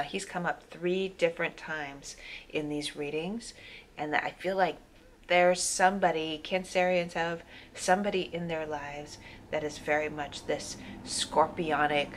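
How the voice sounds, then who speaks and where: A woman's voice: sits low, a little hiss or hum. A woman giving a casual spoken tarot reading, meandering with fillers and self-corrections, sometimes dropping to a near-whisper. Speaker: tarot reader.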